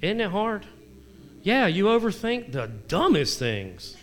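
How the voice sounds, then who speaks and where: A married man with a high-pitched voice that swings widely in pitch speaks slowly in a casual devotional talk. The vlogger reads scripture aloud, makes candid, self-deprecating asides, and asks his listeners direct questions.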